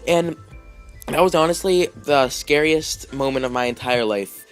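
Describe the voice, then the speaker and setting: A man's voice: mid-range voice, normal speed, fairly bright tone, soft background music. A man vlogging, telling a story casually with lots of fillers, restarts and "like"s. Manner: rambling, heavy with fillers and restarts.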